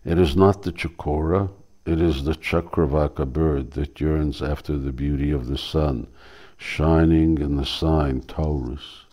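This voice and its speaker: A man's voice: rumbling low, steady tone, unhurried, dark tone. A man reading the lines of a joking young male sidekick in a play, wry and correcting.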